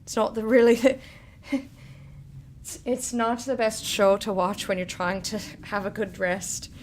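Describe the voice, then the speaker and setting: A woman's voice: medium pitch, flat delivery, slow, a little hiss or hum. Woman streamer with a midrange voice, chatty and self-mocking, commenting on gameplay.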